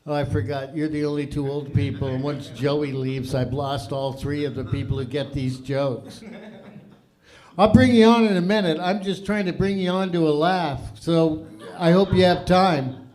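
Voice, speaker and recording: Older man, Canadian accent, comedy host, high voice, profane, loud punchlines, club stage. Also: steady tone, normal speed, low-quality recording. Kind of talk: stand-up comedy hosting.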